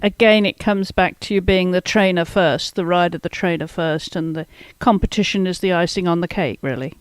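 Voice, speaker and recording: A man's voice: high voice, moderate pace, smooth, no echo. A man hosting a podcast interview, asking long, rambling questions with restarts in a conversational way. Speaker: podcast host.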